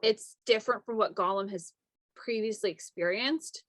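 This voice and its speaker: A woman's voice: mid-range voice, moderate pace, a bit bright, no room sound. A young woman co-hosting a podcast, chatting casually about a movie with lots of filler words. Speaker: podcast co-host.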